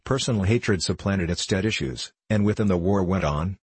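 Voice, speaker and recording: A man narrating a novel aloud in a measured, unhurried storytelling manner. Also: deep voice, husky, no room sound. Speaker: audiobook narrator.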